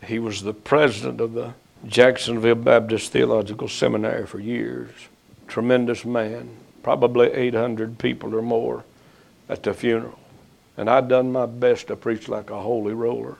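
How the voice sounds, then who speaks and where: A man preaching a sermon, swelling to loud emphatic peaks and then dropping low and slow. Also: little pitch movement, gravelly.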